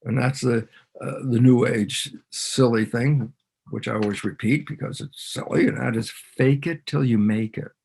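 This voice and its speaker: A man's voice: medium pitch, fairly even intonation, moderate pace, gravelly, a little mellow, slightly rough. A man, a biologist guest on a podcast, explaining ideas in conversation and animatedly acting out both sides of imagined dialogues.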